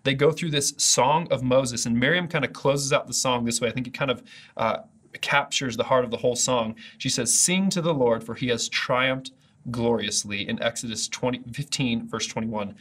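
A man's voice: mid-range voice, fairly even intonation, brisk, a bit bright, slightly rough. A man giving a conversational video sermon as pastor, earnest and often restarting his sentences. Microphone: camera mic for an online video.

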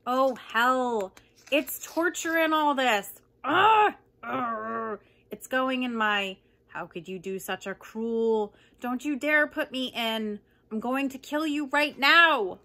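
Lady doing a cat losing it in the bath, shrieky, sputtering, bright voice, slow and drawn out. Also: high-pitched, pitched above the performer's own voice, exaggerated voice. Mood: outraged. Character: furious house cat being given a bath.

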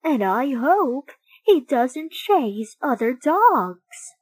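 A woman's voice: high-pitched, very animated, very slow, breathy edge, no room sound, heavily acted. A woman reading as a fretful dog-owning neighbor. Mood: worried. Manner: fretful, anxious. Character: worried woman neighbor fretting over her small dog.

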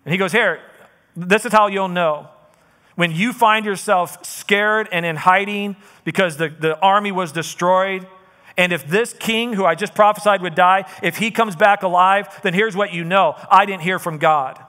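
A man preaching a sermon, retelling a scripture story in a lively, casual way with conversational asides. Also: high-pitched, moderate pace, long reverb tail. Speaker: pastor. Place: church auditorium.

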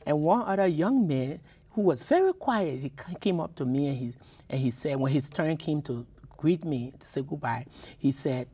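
A woman's voice: low voice, lively intonation, normal speed, warm tone, husky. A woman from Liberia, a poet and professor, telling personal stories in a radio interview, with many repeats and restarts. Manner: emotional, repeats words, restarts often.

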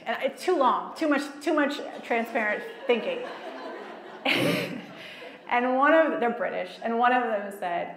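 A woman giving a personal, storytelling talk at a faith gathering, lively and self-mocking, often laughing at herself. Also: fairly high pitch, measured pace. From child of Egyptian parents, raised in America. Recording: echoey hall.

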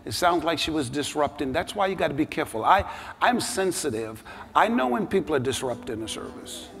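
A middle-aged man preaching a sermon as a bishop, telling a story with animated energy. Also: a little high, a little fast, vocal fry, breathy edge. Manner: animated storytelling, rising to shouted altar call. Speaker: bishop, pastor. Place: large church sanctuary. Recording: long hall reverb with music behind. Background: music.

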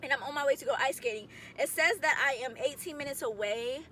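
Young woman vlogger, bubbly slangy car chat, high voice, road noise behind. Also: fast talker, pushed and bright. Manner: chatty, upbeat, slangy. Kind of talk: casual chat to camera. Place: in a car, driving.

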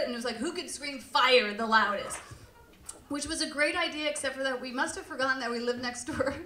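A woman hosting a live storytelling show, telling comic stories in an animated, profane way and laughing often. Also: high-pitched, slight background noise. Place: live venue stage with audience. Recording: roomy live hall from far off.

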